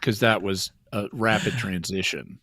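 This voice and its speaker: Deep-ish ozark-accent guy calling in, lectures on and on, lots of ums, dry sound. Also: unhurried, sharp tone, husky, no echo. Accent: Ozark Arkansas. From Ozark Mountains, Arkansas. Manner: explanatory, lecturing with many fillers and restarts. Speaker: caller. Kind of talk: casual call-in chat.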